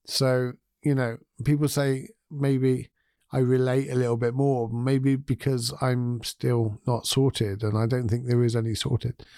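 A man hosting his own podcast, talking in a gentle, candid way and thinking aloud. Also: mid-range voice, little pitch movement, unhurried, no echo, clean studio sound. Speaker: podcast host. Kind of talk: reflective solo podcast talk.

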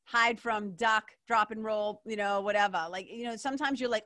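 A woman's voice: mid-range voice, steady tone, normal speed, few pauses, bright, forceful tone. A woman hosting an interview, chatty and enthusiastic, with many "like" and "you know" fillers. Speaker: podcast host. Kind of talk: casual interview chat.

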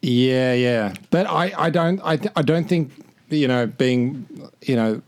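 Halting, self-deprecating young man chatting. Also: mid-range voice. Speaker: radio host, guest. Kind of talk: casual podcast chat.

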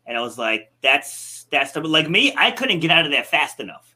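A man's voice: a little high, sing-song, moderate pace, bright, forceful tone. A man hosting a podcast, chatting casually and telling stories animatedly, laughing often. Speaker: podcast host. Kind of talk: casual conversation.

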